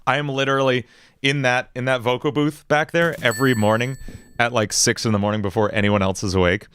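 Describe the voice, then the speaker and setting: A man with a slight New York accent chatting casually on a livestream, animated and playful, often breaking into odd vocal noises. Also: medium pitch, a little fast, clean tone. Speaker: music streamer.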